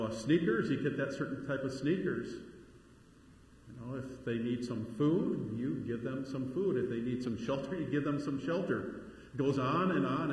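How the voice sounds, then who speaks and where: A man's voice: mid-range voice, a little hiss or hum. A middle-aged man, a pastor giving a sermon in a conversational way, with frequent asides and rising emphasis. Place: large church sanctuary. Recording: very echoey church hall, faint ambience.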